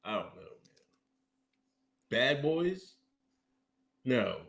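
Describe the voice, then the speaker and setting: A man's voice: mid-range voice, sing-song, very slow, gravelly, fairly bright tone. A man co-hosting a podcast in casual chat, rambling with lots of fillers like "you know" and "man". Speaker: podcast co-host.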